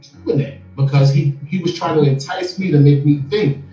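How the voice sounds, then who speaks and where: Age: adult. Sex: man. Style: animated interview storytelling, echoey room. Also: on the high side, fairly quick, highs cut off. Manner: animated, often repeats words. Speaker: interview guest. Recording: echoey room, far from mic, faint music.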